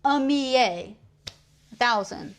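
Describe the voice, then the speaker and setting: A young woman chats on a live stream at an easy, slow pace, her voice sitting a little high. She jokes about her own slip-ups and keeps repeating the phrases she is practicing. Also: lively intonation. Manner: chatty, self-mocking, repeats practice French phrases. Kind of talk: casual live-stream chat. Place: at home streaming. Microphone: streaming mic.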